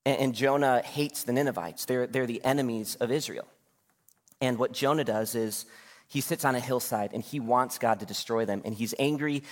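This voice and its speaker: A man's voice: mid-range voice, moderate pace. A man in his thirties preaching a sermon in a church, talking conversationally and asking the congregation questions. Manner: conversational, asks the congregation questions, acts out quotes. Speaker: pastor. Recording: long hall reverb.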